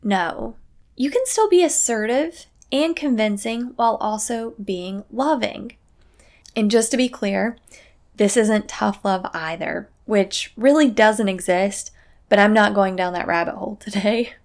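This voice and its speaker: Calm, matter-of-fact woman podcast host. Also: mid-range voice, unhurried. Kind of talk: scripted solo podcast advice.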